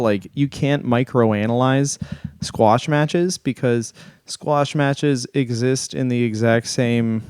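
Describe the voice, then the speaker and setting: Blunt guy on a comedy podcast, mid-pitched voice, swears a lot, dry close sound, drops low for quotes. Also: a little mellow, clean tone, no echo. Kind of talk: casual chat.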